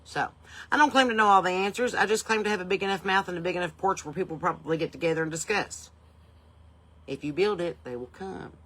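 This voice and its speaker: A Southern woman, a podcast host and country singer, runs a casual livestream from her home porch, chatting folksily and greeting viewers by name. Her voice is on the low side and a bit bright, with a quick pace and poor audio.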